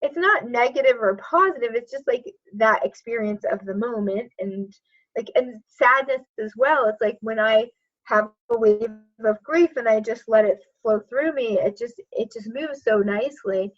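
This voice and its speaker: In dull-sounding audio, a slightly high-voiced woman coach chats reflectively as a podcast guest in a conversational interview. Her speech comes in quick bursts, heavy on fillers such as "like."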